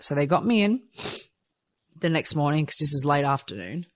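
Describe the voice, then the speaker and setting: A woman telling a personal story candidly and from the heart, rushing and restarting her sentences. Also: sits low, expressive, no echo. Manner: heartfelt, rushed, with frequent restarts. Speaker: storyteller sharing a personal experience.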